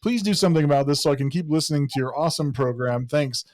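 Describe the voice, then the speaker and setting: A man's voice: a little high, quick pace, a little mellow, no echo. A man co-hosting a podcast, joking around and reading listener mail aloud while laughing often. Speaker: podcast co-host.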